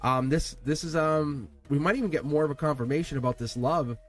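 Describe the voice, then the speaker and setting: A man giving a live tarot reading in a chatty, animated way, often laughing and dropping to a low murmur. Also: brisk, faint music behind. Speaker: tarot reader.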